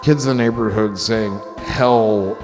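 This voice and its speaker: A livestream host with an animated, mid-range voice talks at normal speed, wandering through casual, profane banter and jokes that often peter out. Clear music and a crowd sit in the background.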